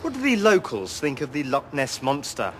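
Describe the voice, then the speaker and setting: A man's voice: mid-range voice, wildly swooping pitch, normal speed, fairly bright tone, a little hiss or hum. A man presenting a comic documentary with a dry, bumbling manner. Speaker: comedy presenter.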